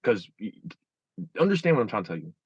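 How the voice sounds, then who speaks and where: A man in his thirties, guesting in a candid interview, talks animatedly and acts out his own inner dialogue with shifting pitch. His husky voice is fast, and the dull audio has no room sound.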